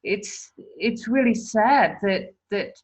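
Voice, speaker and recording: A woman's voice: mid-range voice, animated, slow pace. A woman guest, a therapist, talking in a reflective, earnest way in casual conversation. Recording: muffled lo-fi audio.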